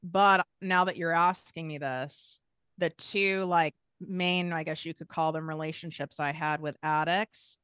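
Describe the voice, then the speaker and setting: A woman's voice: sits low, fairly even intonation, a little slow, a bit bright, clean tone, dry recording, clean studio sound. A woman guest talking candidly about her own past, frank and emphatic, swearing casually. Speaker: podcast guest. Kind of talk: candid personal conversation.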